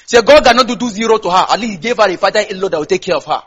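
Man, Nigerian accent, pastor, sermon, high-pitched, husky, asks the congregation questions. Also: lively intonation, very fast, fairly bright tone, low-quality recording. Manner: preaching with call-and-response questions to the congregation.

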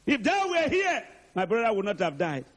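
Preacher doing a grieving woman, high and wailing, pleading, husky. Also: wildly swooping pitch, moderate pace, exaggerated voice.

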